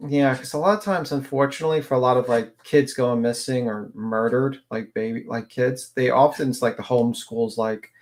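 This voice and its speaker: A man's voice: mid-range voice, moderate pace, few pauses. A man co-hosting a casual true-crime chat, talking in a rambling way with many fillers. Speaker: co-host.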